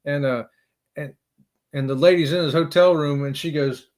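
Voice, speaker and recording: A fairly high-voiced man chats casually on a live stream. He rambles, chuckles often and calls out to viewers by name. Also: fairly even intonation, moderate pace, darkish tone.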